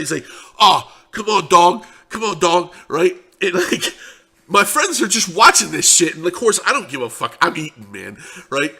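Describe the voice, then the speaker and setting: A man's voice: mid-range voice, sharp tone, slightly rough. Profane, rambling young man telling a story. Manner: profane, rambling, laid-back. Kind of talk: casual anecdote.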